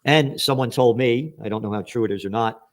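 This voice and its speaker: A brisk, medium-pitched man gives sarcastic, angry commentary on the news. He reads each headline aloud before mocking it, swearing as he goes.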